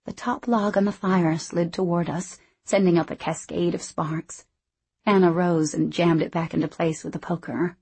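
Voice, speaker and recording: Breathy woman narrating a novel. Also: fairly low pitch, steady tone, normal speed, a little mellow. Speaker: audiobook narrator. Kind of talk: first-person scripted narration.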